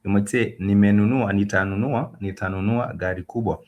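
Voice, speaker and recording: A man teaching Swahili words in a livestreamed lesson, patient and repetitive, pausing often with filler sounds. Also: on the low side, steady tone, lo-fi sound.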